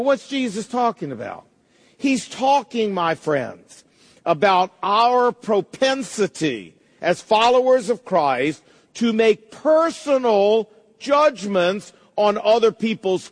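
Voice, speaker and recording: A man with a notably high voice delivers an emphatic sermon, quoting scripture and speaking straight to his congregation. His words ring out with a long reverb, as in a large church sanctuary. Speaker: pastor.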